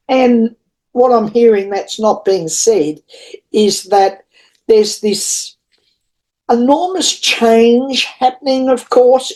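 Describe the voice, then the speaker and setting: A woman with a soft, warm voice gives a spiritual reading in an unhurried, wandering way. She speaks affectionately to her listeners and calls them her darlings. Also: on the high side, low-quality recording. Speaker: psychic tarot reader.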